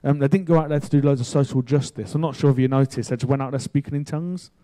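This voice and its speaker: A man preaching a sermon in a casual, chatty way, telling a story with excitable bursts. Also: medium pitch, very fast. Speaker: pastor.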